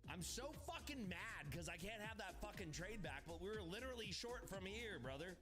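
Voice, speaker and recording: Man ranting with lively, swooping pitch. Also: normal speed. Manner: profane, exasperated ranting. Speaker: day trader streaming live. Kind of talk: casual live-stream commentary. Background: music.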